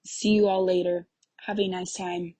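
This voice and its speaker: A woman reading the part of a bitter, restless young husband, talking loud and sneering. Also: fairly low pitch, level tone, moderate pace, no echo, close to an everyday voice. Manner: angry, sneering, raised voice.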